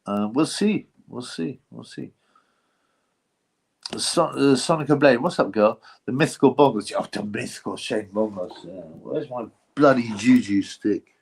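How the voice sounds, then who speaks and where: Guy rambling on his live stream, slangy and sweary, loads of ums and you knows, middling pitch. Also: unhurried, creaky, breathy edge. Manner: rambling, slangy, swears freely, lots of fillers. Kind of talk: casual live-stream chat reading donations.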